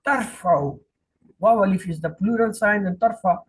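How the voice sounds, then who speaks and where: A man teaching a classroom Quran lesson, drilling each word slowly and repeating the meanings. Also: high voice, slightly rough, low-quality recording. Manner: slow, repetitive, drilling word by word.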